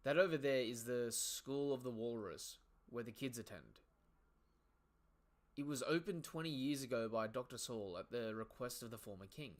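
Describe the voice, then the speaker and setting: Man voicing a gentle, formal librarian woman, polite and soft-spoken, mid-range voice. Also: medium pitch, moderate pace, lightly acted.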